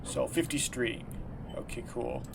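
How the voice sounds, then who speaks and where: A man talks over his gameplay in a relaxed, rambling commentary, often trailing off into quiet mumbles. His voice sits at an ordinary middle pitch. A faint hiss of noise runs beneath him. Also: unhurried, creaky. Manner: rambling, low-key and quiet. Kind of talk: casual game commentary.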